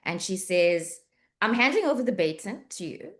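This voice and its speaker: A woman's voice: mid-range voice, moderate pace. A middle-aged physiotherapist with a South African accent tells a story in an interview. She acts out the dialogue and often restarts her sentences. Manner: lively anecdotal, acts out quoted dialogue, frequent restarts. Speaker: physiotherapist and medico-legal report writer.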